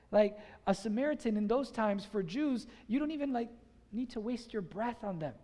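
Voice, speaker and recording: Casual, energetic pastor mid-sermon, call-and-response style, long hall echo. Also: mid-range voice, moderate pace. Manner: energetic and conversational, has the congregation repeat phrases; casual filler "like" throughout.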